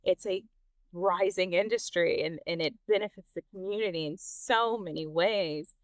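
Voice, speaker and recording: A woman's voice: on the low side, normal speed, no echo. A woman from Texas hosting a podcast, talking candidly with frequent laughs and restarts. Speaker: podcast host. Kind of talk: casual interview chat.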